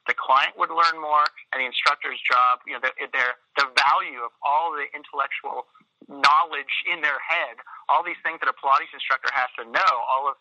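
A man's voice: on the high side, normal speed, dry recording. Guy in his 30s rambling through his story with lots of um and you know, dry dull sound. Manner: rambling, animated, many fillers and restarts. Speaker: interview guest, Pilates studio owner. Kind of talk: casual storytelling interview.

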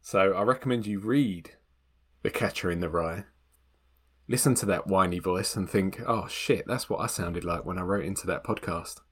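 A man's voice: sits low, normal speed, fairly bright tone, husky. A man co-hosting a comedy advice podcast, giving blunt, lecturing advice in a chatty way. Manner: giggly, then blunt and preachy when giving advice. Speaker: podcast co-host. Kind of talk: casual comedic advice chat.

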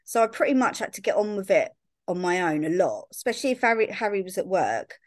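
A woman's voice: mid-range voice, sing-song, fast, no echo, studio quality. A young woman from Sussex, a podcast guest, telling stories in casual chat and filling her sentences with "like" and "I remember.". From Sussex, England. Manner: chatty storyteller, peppered with "like" and "I remember".

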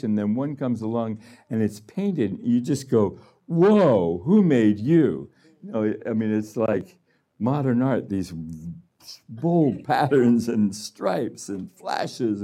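A man's voice: medium pitch, warm tone. A man giving a conversational sermon to a gathering, laughing often and acting out little voices. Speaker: healing room director speaking.

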